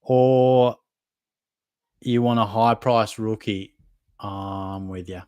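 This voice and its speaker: A fantasy football podcast host with an Australian accent takes viewer questions in a live Q&A, reading each out and replying casually and conversationally, like a mate, with hedging fillers. He speaks with a fairly low, darkish, clean voice, drawing out his words in a fairly even tone; there's no room sound.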